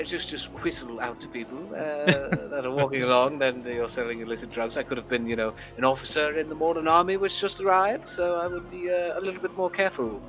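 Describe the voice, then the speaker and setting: A man giving voice to a prim, well-mannered lady adventurer who talks in a genteel, lecturing way. The voice sits a bit high and swoops lively, with music under it. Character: prim, polite female adventurer. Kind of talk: tabletop role-play.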